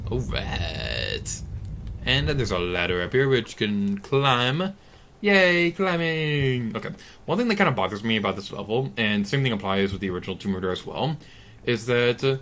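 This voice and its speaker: A young man giving casual, chatty commentary over his own gameplay, excitable and quick to laugh. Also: on the low side. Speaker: let's play host.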